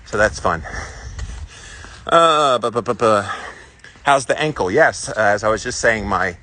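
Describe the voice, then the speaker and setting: Bright-voiced Southern man chatting on a walk. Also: fairly low pitch, expressive, unhurried. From South Carolina, US. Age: 40s. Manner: chatty, rambling and upbeat while walking. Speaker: vlogger answering live viewer comments. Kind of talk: casual walk-and-talk chat. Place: outdoors on a hilly walking trail.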